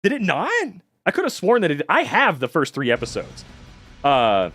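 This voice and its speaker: An American man in a casual live stream, reading viewers' messages aloud and answering them in animated, swearing chat. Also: a little high, moderate pace, soft background music. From United States. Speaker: streamer and hobby voice actor.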